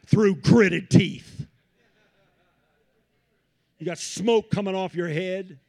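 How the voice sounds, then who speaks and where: High-pitched guy preaching pentecostal style, drops quiet then shouts, repeats lines for rhythm. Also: very slow, creaky, pauses often. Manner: dynamic preaching, swings from low asides to shouted peaks; rhythmic repetition of phrases. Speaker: pastor. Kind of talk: Pentecostal sermon.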